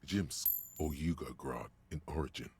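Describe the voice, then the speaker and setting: A man voicing the inner voices of a video game detective, narrating in a deep, gravelly, slow and ominous manner. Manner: slow, ominous, dramatic delivery, sometimes whispered.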